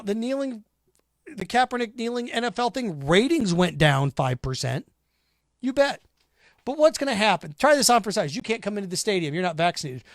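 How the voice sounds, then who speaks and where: A man's voice: high-pitched, no room sound, studio quality. A man hosting a sports talk show, ranting sarcastically and mocking imagined fans. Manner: combative, sarcastic, mocks imagined callers in put-on voices. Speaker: sports radio host. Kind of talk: opinionated sports talk monologue.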